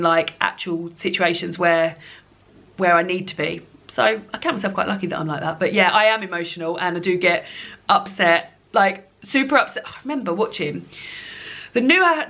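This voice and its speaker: Woman vlogging from her lounge, bright sharp voice, chatty and rambly, laughs a lot. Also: mid-range voice. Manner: chatty, rambling, laughs often, many fillers. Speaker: book vlogger. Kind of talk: casual chat to camera.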